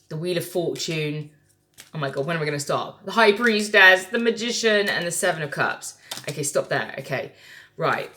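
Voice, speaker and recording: A woman's voice: deep voice, expressive, unhurried, bright, forceful tone. A woman giving a casual tarot reading, chatty and irreverent, swearing freely as she talks through the cards. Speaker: tarot reader.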